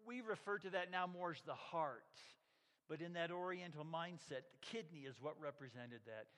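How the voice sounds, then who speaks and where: A man preaching a sermon, emphatic and measured, sometimes dropping his voice very low. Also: a bit bright, in a large hall. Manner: slow, emphatic preaching that drops to a near whisper. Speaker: pastor.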